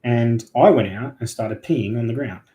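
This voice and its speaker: A man chats loosely through a livestream story, filling his pauses with ums. His voice is dark and mellow. The room gives his voice a noticeable echo. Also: medium pitch, distant mic. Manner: loose, chatty, many fillers. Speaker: livestream host. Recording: roomy echo.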